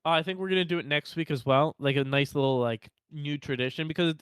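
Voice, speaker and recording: A man's voice: fairly high pitch, steady tone, fast, a bit bright, clear, resonant tone, dry recording. A young man co-hosting a podcast in casual chat, laid-back and rambling, swearing freely. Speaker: podcast co-host.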